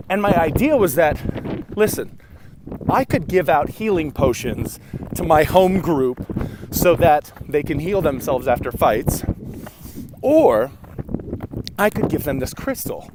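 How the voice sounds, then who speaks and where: A man, a game master, vlogging outdoors and out of breath, rambling and restarting as he thinks aloud. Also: fairly high pitch. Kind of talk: casual outdoor vlog to camera. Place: outdoors in open windy country. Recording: faint wind and background noise.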